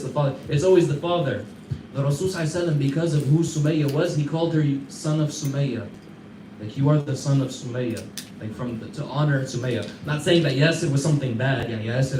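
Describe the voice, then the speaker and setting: A man teaching a class, retelling a story in a casual, animated way with Arabic fillers. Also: fairly high pitch. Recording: echoey room, distant mic, background noise.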